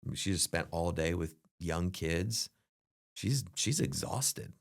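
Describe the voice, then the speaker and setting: Brief: middle-aged man, deep gravelly voice, earnest advice-giver in a relaxed leadership chat. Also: a little slow. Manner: earnest, advice-giving, acts out family dialogue. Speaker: podcast co-host.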